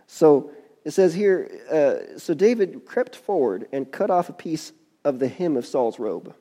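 A man's voice: on the high side, warm tone. A man preaching a sermon, reading scripture and adding folksy, conversational asides.

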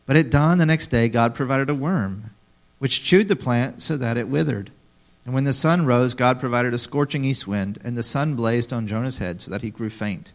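Animated male preacher teaching a group. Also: mid-range voice, normal speed. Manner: animated, acts out quotes dramatically, talks to audience members. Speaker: pastor. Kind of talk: sermon.

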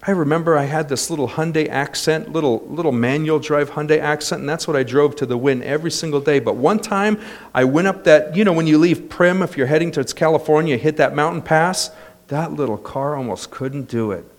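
A man preaching a sermon as a pastor, telling stories and building to loud exclamations. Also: fairly high pitch, fairly quick. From United States.

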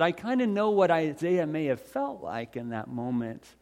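A man with a slightly high voice preaches a gospel story in the first person, as if he lived it himself. He builds to loud, excited calls, then drops to a hushed, slow confession.

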